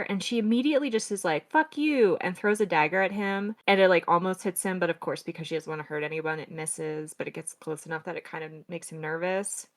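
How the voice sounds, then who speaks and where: A woman co-hosting a podcast, analyzing a book in casual, animated chat. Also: on the low side. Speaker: podcast co-host.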